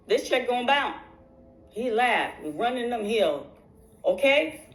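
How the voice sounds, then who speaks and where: A woman's voice: medium pitch, a little hiss or hum, low-quality recording. A woman vlogger telling her viewers a long personal story in casual talk. She keeps repeating phrases for emphasis and restarts her sentences.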